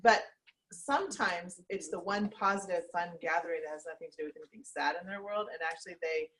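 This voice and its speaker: A woman's voice: fairly low pitch, fairly quick, fairly bright tone, a little hiss or hum, rough recording. A woman leading a sales team meeting, chatty, laughing often and acting out little quotes. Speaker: team leader. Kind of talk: team meeting pep talk.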